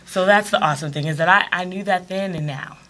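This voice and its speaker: A woman's voice: lowish voice, quick pace. A woman guest in a casual interview, telling stories with lots of energy and acting out what people said. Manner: animated storyteller who acts out quotes.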